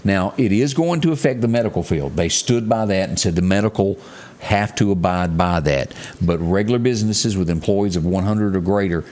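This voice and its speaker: A man's voice: deep voice, fairly quick, darkish tone. A man co-hosting a morning show, reading headlines in a folksy, chatty way with asides. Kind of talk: casual news chat.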